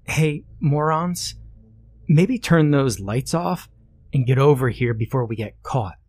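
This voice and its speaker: A man's voice: medium pitch, lively intonation, slow pace, a little mellow. A man voicing a sarcastic, bossy teenage girl in a horror story reading, sounding impatient and scolding.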